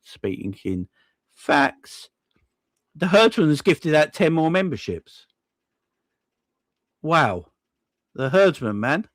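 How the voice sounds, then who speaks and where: A man hosting a casual livestream, thanking viewers one by one in an excitable, effusive way with plenty of slang. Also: a little high, slow pace, pauses often, no echo. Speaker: livestream host.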